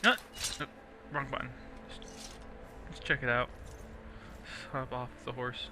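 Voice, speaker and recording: A young man casually rambling through gameplay commentary, chatty and quick to laugh. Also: mid-range voice, fairly even intonation, noisy background. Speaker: let's play host.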